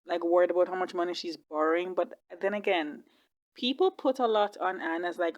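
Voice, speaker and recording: A woman hosting a casual video reaction to a TV drama, chatty and animated. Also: on the low side, fairly quick. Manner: chatty, animated, laughs easily. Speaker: YouTube reaction host.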